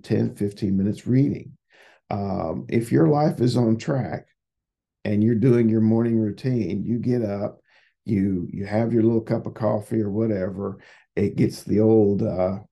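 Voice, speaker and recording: A male therapist talks on his solo podcast with a low, gravelly voice. His tone is dark and somewhat husky. He rambles in a conversational way and often repeats himself. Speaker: psychotherapist podcast host.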